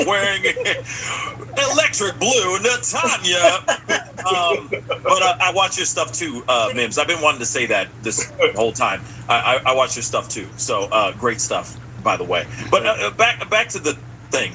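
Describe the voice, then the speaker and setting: An excitable man asks questions, tripping over his words, his voice very bright and sharp. His pitch rises and falls a lot. Faint noise sits behind him. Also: unhurried, low-quality recording. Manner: excitable, reacts loudly, stammers through questions. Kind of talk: casual chat.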